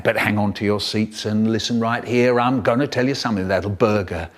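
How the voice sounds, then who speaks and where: Animated male storyteller. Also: fairly low pitch, normal speed, few pauses. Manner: animated, jumps between voices of family members. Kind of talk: spliced comic storytelling.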